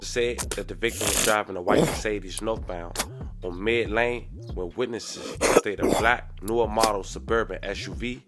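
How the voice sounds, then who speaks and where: A man's voice: on the low side, steady tone, normal speed, noisy background. A man recapping a news story in a matter-of-fact manner as a reaction host.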